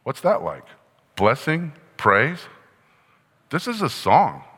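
A man's voice: mid-range voice, wildly swooping pitch, takes it slowly, sharp tone, breathy edge, in a large hall. A man preaching a conversational teaching sermon, often asking the congregation questions as he explains the text. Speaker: pastor.

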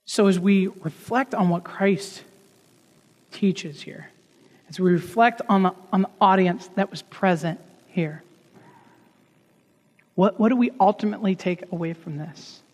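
A man preaching a sermon in an earnest way, pressing some words hard and dropping others to a softer tone. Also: high voice, a little slow, pauses often, in a large hall. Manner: earnest preaching with rising emphasis, drops to soft asides. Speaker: pastor.

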